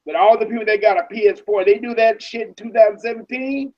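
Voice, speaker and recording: Man, high-pitched co-host, agreeable, dull lo-fi recording. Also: fast talker. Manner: agreeable, chimes in, then holds forth. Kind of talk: casual gaming chat.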